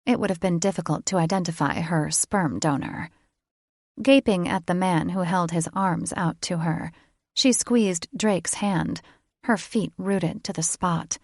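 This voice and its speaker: A woman narrating a fantasy romance audiobook in a measured, steady way. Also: lowish voice, no room sound, clean studio sound. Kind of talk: scripted narration.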